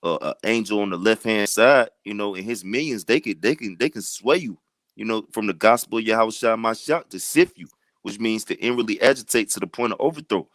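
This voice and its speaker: A man's voice: on the low side, brisk, fairly bright tone, no echo. A man teaching scripture in a casual, repetitive way, building to emphatic questions. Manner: loose, repetitive, rising to emphatic challenges. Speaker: bible study teacher.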